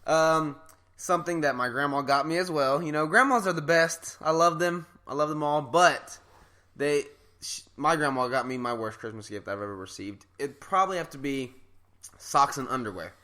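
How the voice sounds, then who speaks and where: Young man, podcast co-host, bright forceful voice, casual chat, animated storytelling. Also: fairly high pitch, normal speed.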